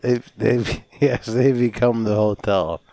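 A man making a prank phone call, rambling deadpan with lots of filler words. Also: mid-range voice, slow pace, vocal fry, no room sound. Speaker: prank caller.

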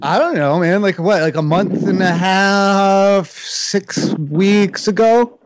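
A man's voice: high voice, takes it slowly, noisy background. A man making a prank phone call, rambling and flustered, flaring into heated outbursts. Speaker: prank caller.

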